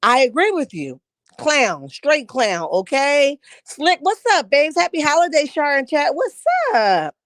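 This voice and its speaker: Woman livestream host, sassy and emphatic, fairly high voice, dry close mic. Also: sing-song, unhurried, fairly bright tone, no echo. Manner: sassy, emphatic, talks back to chat. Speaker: livestream host reading chat. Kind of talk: casual livestream commentary.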